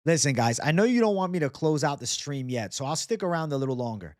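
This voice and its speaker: A man's voice: on the high side, animated, fast talker, no echo, studio quality. A young man hosting a casual livestream, reading viewer comments and talking loosely with plenty of swearing and bro-talk. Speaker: livestream host.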